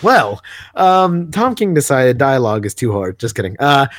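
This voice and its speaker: A man's voice: mid-range voice, big pitch swings, normal speed, no room sound. Rambling male podcast co-host, dry sound. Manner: rambling, full of fillers and restarts. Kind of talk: casual chat recapping comics.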